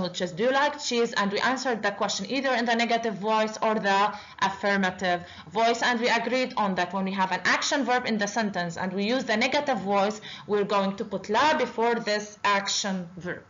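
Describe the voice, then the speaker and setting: Woman teaching slowly with many uhs. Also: medium pitch, a bit bright, lo-fi sound. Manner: slow and deliberate, with many drawn-out uhs. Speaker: Arabic teacher. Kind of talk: online language lesson.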